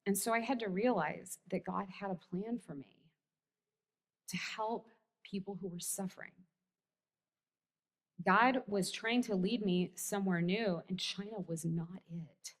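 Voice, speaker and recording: A woman's voice: medium pitch, a little slow, long pauses. A female pastor with an American accent, preaching a sermon and telling a story with wry, self-deprecating humor, in a church sanctuary. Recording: long hall reverb.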